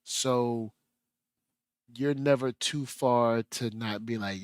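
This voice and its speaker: A man with a mid-range voice chats on a gaming stream, recorded dry and close. He is animated, slips into playful voices when he acts out stories, and speaks in casual slang. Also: medium pitch, unhurried, no room sound. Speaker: podcast co-host. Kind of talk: casual chat.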